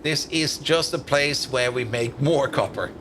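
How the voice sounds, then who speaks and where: A medium-pitched, fairly bright male voice speaks at a measured pace, with slight background noise behind it. He's streaming a building game, thinking aloud as he builds and chatting casually with viewers, his rambling talk full of "like" and "uh."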